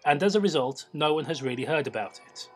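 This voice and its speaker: A man's voice: on the high side, animated, fast talker, faint music behind. Man reading a story with mocking asides. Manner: reads aloud, breaks off to mock the text. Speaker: host reading stories aloud. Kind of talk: comedic reading with banter.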